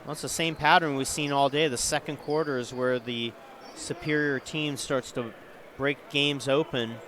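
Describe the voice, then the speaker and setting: A man calling live high school basketball play-by-play who gets louder on big plays. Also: moderate pace, slight background noise. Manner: rising excitement on big plays. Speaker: play-by-play announcer.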